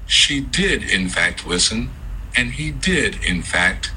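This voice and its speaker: A man voicing a deep, mock-ominous male narrator who gives a slow, deadpan aside. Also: slight background noise, exaggerated voice, rough recording.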